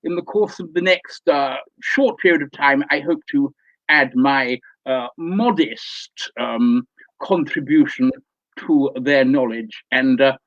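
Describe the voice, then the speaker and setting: A man's voice: medium pitch, takes it slowly, fairly bright tone, no echo, lo-fi sound. An English man, a guest on a video call, talking in a wordy, mock-pompous way. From England.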